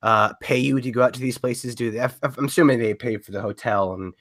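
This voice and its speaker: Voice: mid-range voice, steady tone, a little fast, fairly bright tone. A podcast host asking questions casually, with many fillers and restarts. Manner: hesitant, filler-heavy questioning.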